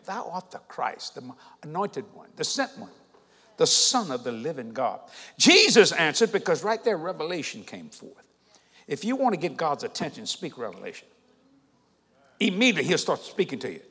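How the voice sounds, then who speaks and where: A high-pitched man preaches a sermon in a church sanctuary. He drops to low murmurs, then climbs to shouted calls to the congregation. His voice rings through a hall with a long reverb tail. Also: very animated, normal speed, slightly rough.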